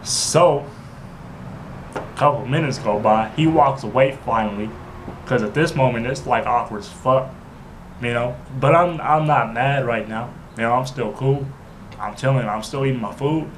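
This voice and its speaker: A man's voice: mid-range voice, normal speed, a little hiss or hum, low-quality recording. A man telling a casual storytime to camera, rambling and stumbling, constantly asking "you know what I'm saying" and restarting his sentences. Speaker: vlogger.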